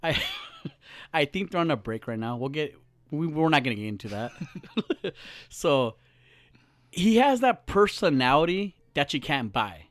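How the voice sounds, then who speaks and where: A man's voice: fairly high pitch, very animated, a little slow, pauses often, dry recording. A young man hosting a podcast, chatting casually, joking and swearing freely in a small studio. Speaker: podcast host.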